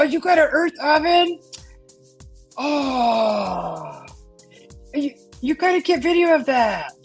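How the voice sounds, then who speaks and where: A middle-aged woman hosting a casual live stream, chatting animatedly and asking her viewers lots of questions. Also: a little high. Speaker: livestream host.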